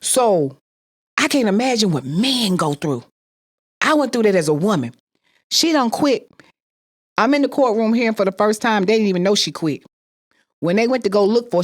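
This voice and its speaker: Emphatic woman telling a story. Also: medium pitch. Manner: emphatic, repeats phrases, acts out quoted voices. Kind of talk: animated personal storytelling.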